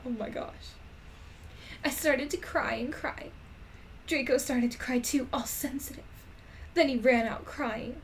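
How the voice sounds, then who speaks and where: Female streamer, fairly high voice, reads aloud and keeps cracking up as she comments. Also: measured pace, slight background noise. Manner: amused, often breaks into laughter. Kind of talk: reading a fan story aloud with commentary.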